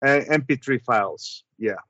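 A man narrating as game master of a tabletop game over an online call, measured and hesitant, with frequent ums. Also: mid-range voice, expressive, pushed and bright, dry recording, highs cut off.

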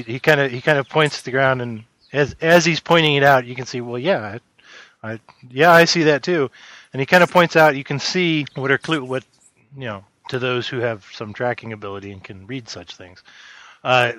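A man's voice: medium pitch, bright, forceful tone, no room sound. A man narrating as game master, hesitant and full of fillers as he describes the scene. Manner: halting, full of fillers and restarts.

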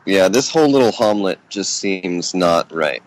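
A man's voice: low voice, lively intonation, measured pace, no echo, rough recording. A man talking as a player at a tabletop game, joking with the others. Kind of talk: casual chat at a game table.

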